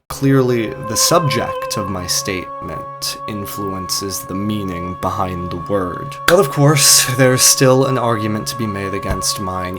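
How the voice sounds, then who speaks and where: A man delivering an argumentative monologue as a video essayist, in a sardonic, provocative, ranting manner. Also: fairly low pitch. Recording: clear music bed under the voice.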